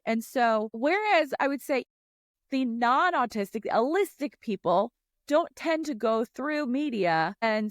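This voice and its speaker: A woman's voice: a little high, no echo, clean studio sound. A woman co-hosting a casual podcast chat, explaining her views in a thoughtful way with some restarts. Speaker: podcast co-host.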